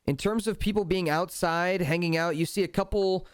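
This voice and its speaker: Smooth-voiced easygoing game master man. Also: sits high, fairly even intonation, normal speed, no room sound, studio quality. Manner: easygoing, descriptive. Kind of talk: narrating a tabletop game.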